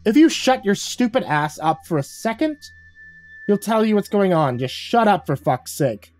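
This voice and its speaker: A man voicing a rude, sharp-tongued woman caretaker who snaps scornfully. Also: high voice, sing-song, normal speed, pitched above the performer's own voice. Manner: snappish, scornful.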